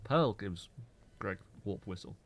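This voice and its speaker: Over crowd noise, a young male podcast co-host talks slowly in a lowish voice. The conversation is a relaxed one where he ribs his partner, sounding lively and well informed about gaming.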